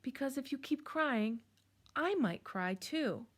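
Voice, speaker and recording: A woman's voice: high voice, animated, slow pace, fairly bright tone, voice pushed up, heavily acted. A woman doing an eager young boy animal. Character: young male animal, earnest, kind friend.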